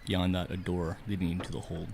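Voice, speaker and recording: A man's voice: low-pitched, level tone, fairly quick, creaky, a little mellow, a little hiss or hum. A man narrating a tabletop game as game master, mixing dramatic storytelling with casual rulings for the players.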